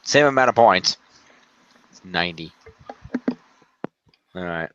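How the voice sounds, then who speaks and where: A man co-hosting a casual podcast, summarizing the week's wrestling in quick run-on sentences and swearing offhandedly. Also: low-pitched, lively intonation, fairly bright tone, muffled recording, slight background noise. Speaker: podcast co-host recapping wrestling. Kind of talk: casual recap chat.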